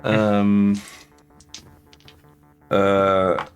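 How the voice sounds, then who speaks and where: A man's voice: lowish voice, completely flat delivery, drawn-out words, clean tone, soft background music. A man narrating as dungeon master, hesitant with frequent fillers. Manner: hesitant, many fillers and restarts. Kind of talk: narrating a tabletop game.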